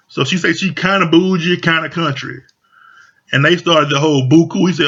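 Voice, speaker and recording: A man's voice: a little high, brisk, bright, forceful tone. A man casually recapping a reality show, talking loosely with lots of slang and fillers. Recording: dull lo-fi audio.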